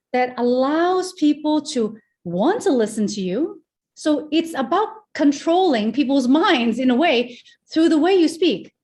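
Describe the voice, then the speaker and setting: Woman, fairly high voice, projecting, expressive, explains with examples, remote call. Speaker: guest, presenter and speaking coach. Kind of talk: animated interview talk. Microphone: remote call mic.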